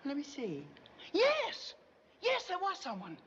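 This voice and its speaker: A woman's voice: high-pitched, fairly quick. A jittery, flustered comic girl. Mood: flustered, scared. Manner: excitable, flustered, squealing. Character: jittery, scatterbrained comic young woman. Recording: muffled old film soundtrack with loud hiss.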